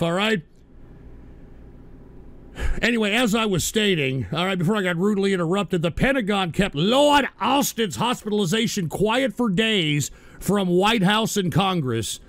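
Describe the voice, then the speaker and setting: High-voiced man ranting and shouting. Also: lively intonation, normal speed, no echo. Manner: profane, exasperated, shouts often. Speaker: radio show host. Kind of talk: angry on-air rant.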